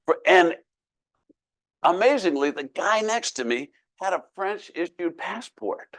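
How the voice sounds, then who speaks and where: A man's voice: sits high, animated, measured pace, fairly bright tone. A man in his sixties giving a humorous keynote speech, telling self-deprecating stories with folksy jokes. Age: 60s. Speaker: keynote speaker.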